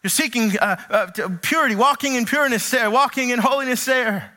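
Pastor, male, high and bright-toned, earnest sermon delivery with lively storytelling. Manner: earnest preaching, drops low and slow on key phrases; animated storytelling with acted quotes.

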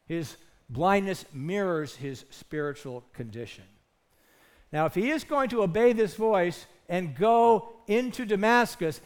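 A man's voice: sits high, clear, resonant tone. A man preaching a sermon as pastor, earnest and emphatic, asking his listeners rhetorical questions.

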